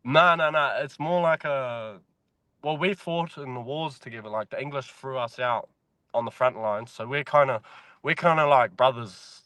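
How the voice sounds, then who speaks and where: A man's voice: mid-range voice, normal speed, pushed and bright, dry recording. A man from New Zealand with a New Zealand accent, chatting casually as a podcast guest, laid-back and swearing freely. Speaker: podcast guest, mine worker. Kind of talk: casual chat.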